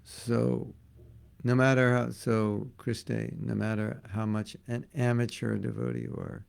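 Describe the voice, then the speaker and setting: A man's voice: mid-range voice, steady tone, unhurried, vocal fry, a little mellow. A man teaching a casual devotional class, joking and conversational, repeating words for emphasis. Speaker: spiritual teacher.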